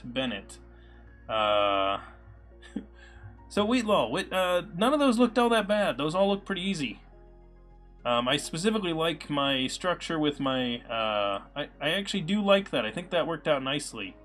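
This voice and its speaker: A man's voice: fairly high pitch, sing-song, measured pace. A man hosting a live coding stream, thinking aloud with many fillers and answering chat. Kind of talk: casual live-coding commentary. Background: soft background music.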